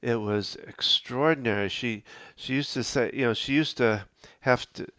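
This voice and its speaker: A middle-aged man hosting a podcast, talking earnestly and reflectively, often halting and restarting as he gives advice. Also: medium pitch, fairly bright tone, dry recording. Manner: halting, with frequent restarts and fillers. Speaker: podcast host.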